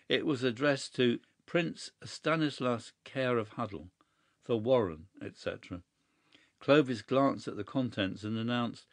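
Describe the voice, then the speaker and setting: Male audiobook narrator, measured and even delivery, dry close-miked sound. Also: medium pitch, no room sound. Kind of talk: scripted story narration.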